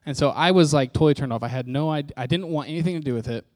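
Rapid-fire and somewhat high-pitched, a man with a slightly mellow voice preaches his personal testimony with no room sound. The storytelling is candid and self-mocking, full of acted-out quotes from others.

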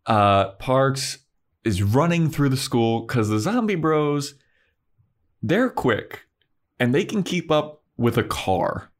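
A man's voice: mid-range voice, animated, slow. A man co-hosting a podcast, chatting casually and slangily while recapping an episode. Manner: laid-back, slangy. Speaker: podcast co-host.

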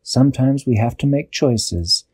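A man voicing a gentle, wise female unicorn who speaks calmly and gives advice. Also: medium pitch, measured pace, husky, no echo. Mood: reassuring. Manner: calm and instructive.

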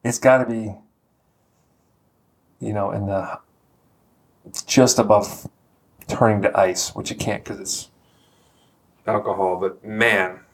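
A man's voice: fairly low pitch, flat delivery, slow pace, long pauses. A man co-hosting a podcast in casual chat, joking around and often trailing off. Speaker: podcast co-host.

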